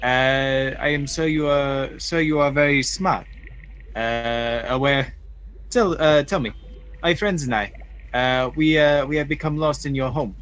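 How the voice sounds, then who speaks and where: A man voicing a polite, formal adventurer in a tabletop game, speaking courteously with many halting pauses. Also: mid-range voice, a bit bright, clear, resonant tone, faint music behind, natural voice.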